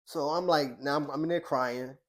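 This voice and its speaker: This middle-aged man's voice runs on the high side as he tells a personal story in a podcast interview, drawing on his life as a boxing coach and social worker. Casual yet earnest, he stumbles and restarts, acts out old conversations as dialogue, and often lowers to a hushed voice.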